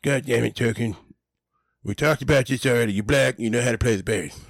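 A man impersonating a foul-mouthed, bossy cartoon boy, raising his voice high and loud. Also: fairly quick, vocal fry, no room sound, clean studio sound. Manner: shouty, bossy, profane.

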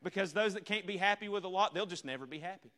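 A man's voice: high-pitched, quick pace, fairly bright tone. A man preaching a revival sermon, earnest and repetitive, asking the congregation rhetorical questions. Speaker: visiting preacher.

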